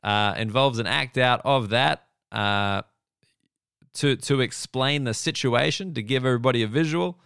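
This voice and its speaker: A man's voice: medium pitch, moderate pace, vocal fry, a bit bright, smooth, dry recording, studio quality. A man in his thirties with an Australian accent, telling rambling, profane, self-deprecating stories as a comedian hosting his own podcast. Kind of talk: casual comedic monologue.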